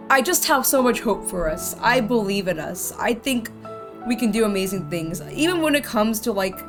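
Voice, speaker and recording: A fairly high-voiced woman streamer chatting casually over a game, rambling and heartfelt, her thoughts peppered with "like". Faint game music sits underneath. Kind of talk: casual let's-play commentary.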